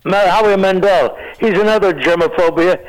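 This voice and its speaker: Man, 90s, comic radio guest: high voice, rambling jokes, hunting for words. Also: normal speed, poor audio. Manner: rambling, joking, searches for words, laughs at own jokes. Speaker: comedian guest. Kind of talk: casual joking chat.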